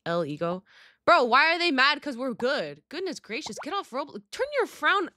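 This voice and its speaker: This young woman's voice sits high and swings widely in pitch, bright and forceful at a moderate pace. A gaming YouTuber, she gives casual commentary on her game that's bubbly, dramatic and slangy, punctuated by sudden squeals.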